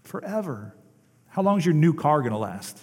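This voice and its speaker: A man preaching a sermon from the pulpit, his voice sitting somewhat high for a man. He swings between forceful declarations and soft, drawn-out lines meant to land a point. The sound rings with a long, churchy reverb. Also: sing-song, breathy edge. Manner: dynamic preaching, swings from emphatic to hushed, slows for emphasis. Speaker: pastor.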